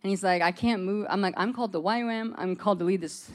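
A middle-aged woman tells her own story to a gathered group with lively energy. She acts out the voices of the people in it, quick to laugh, her voice at a middle pitch. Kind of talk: animated personal testimony.

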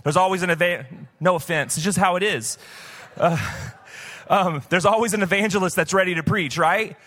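A pastor in his fifties from the southern United States preaches a live sermon in a church, recorded with the reverb of the church hall. His voice sits high and fairly bright at normal speed, and he talks conversationally, telling personal stories with many "like" fillers.

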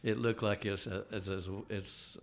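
An older man with a drawl tells his personal testimony in a fairly low voice. He is earnest and unpolished, stumbling and restarting his sentences as he goes. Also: flat delivery. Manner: earnest, halting with frequent restarts. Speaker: layman giving a faith testimony.

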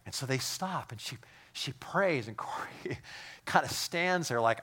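A man preaching a sermon, telling stories in a hushed voice and then building to loud, emphatic exhortation with repeated words. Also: mid-range voice, lively intonation, a little slow. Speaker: pastor.

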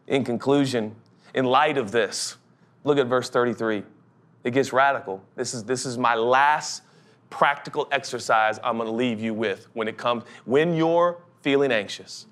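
Speaking at normal speed, a young adult male pastor delivers an animated sermon, slipping into funny voices and rising to urgency.

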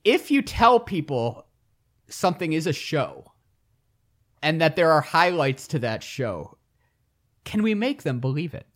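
A man co-hosts a podcast in relaxed chat, teasing his partner as they talk. His voice sits a little high and swings widely in pitch, which keeps him lively and animated. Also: unhurried, long pauses. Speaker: podcast co-host. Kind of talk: casual chat.

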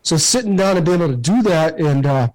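A man's voice: fairly high pitch, animated, brisk, a little mellow, low-quality recording. A man in his forties, a podcast guest and former pro ballplayer, telling his life story in an earnest, emphatic, motivational way and often repeating words as he gets fired up.

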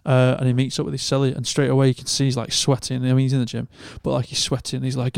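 A man's voice: medium pitch, fast, vocal fry, few pauses, dry recording, studio quality. A man with a Northern English accent, a podcast co-host telling a long story in casual, sweary chat and acting out the people in it. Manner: sweary, animated storytelling with quoted voices.

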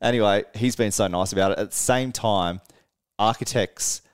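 A man with a fairly low voice tells a tour story as a podcast co-host. He is lively and casual, often breaking into laughter mid-sentence, and swears freely as he goes. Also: normal speed, clean tone. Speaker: touring musician, podcast co-host.

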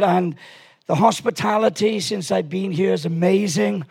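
A husky man in his sixties leads a church service with a relaxed, joking delivery. His voice sits high for a man, and he often restarts his sentences as he tells a story to the congregation. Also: moderate pace. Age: 60s. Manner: chatty, joking, rambling with restarts. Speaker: guest preacher. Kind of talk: sermon with storytelling.

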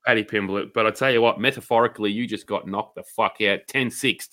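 Sweary, bright-voiced man. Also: lowish voice, steady tone, a little fast. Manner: blunt, sweary, mock-outraged. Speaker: podcast co-host. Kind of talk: casual chat.

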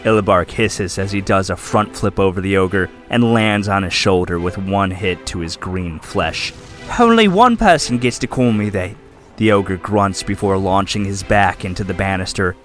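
A man's voice: low-pitched, a bit bright. A man running a tabletop game as game master, narrating the scene in vivid detail. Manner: vivid descriptive storytelling.

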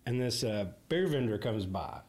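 A man with a middle-pitched voice tells a story on a podcast. He talks in a relaxed, easygoing way and swears casually as he goes. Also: normal speed. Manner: laid-back storytelling with swearing. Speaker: podcast co-host. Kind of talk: casual chat.

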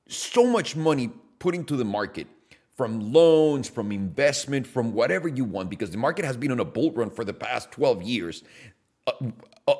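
Animated man, casual swearing host. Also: medium pitch. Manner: animated, swears, jokey asides. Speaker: podcast host. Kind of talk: casual opinion monologue.

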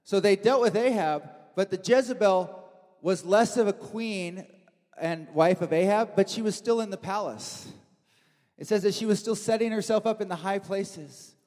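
A man's voice: high voice, normal speed, darkish tone. A man preaching a sermon in a church hall, telling the story with animation and acting out the quotes.

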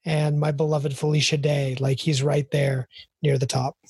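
Husky, enthusiastic man hosting a podcast. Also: fairly high pitch, little pitch movement, moderate pace, darkish tone, no echo. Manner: enthusiastic, chatty, many fillers. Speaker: podcast host. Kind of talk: casual chat.

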